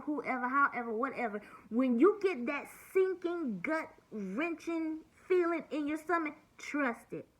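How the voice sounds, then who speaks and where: Forties woman, vlog rant, sharp bright higher voice, blunt and cussing, hurting. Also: rough recording. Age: 40s. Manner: blunt, venting, heavy swearing. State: hurt and near tears. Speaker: vlogger. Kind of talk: emotional personal vlog monologue.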